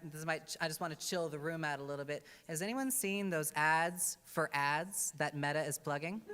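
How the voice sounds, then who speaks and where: In a church sanctuary, a woman drag entertainer delivers a wry, earnest address sprinkled with comic asides during a service. Her voice is on the low side with a sharp tone, and the hall is reverberant.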